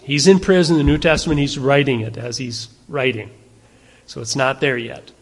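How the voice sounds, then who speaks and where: A man's voice: medium pitch, fairly even intonation, moderate pace, gravelly, big-room sound. A man preaching a sermon, speaking conversationally and asking his listeners rhetorical questions. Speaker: pastor.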